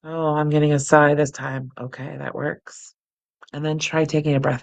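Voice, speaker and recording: A middle-aged woman hosting a guided breathing practice, speaking softly and laughing at herself now and then. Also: deep voice, flat delivery, creaky. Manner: soft and unhurried, laughs at herself. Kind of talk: gentle guided meditation, chatty asides. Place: home, close to the camera. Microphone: camera mic, close.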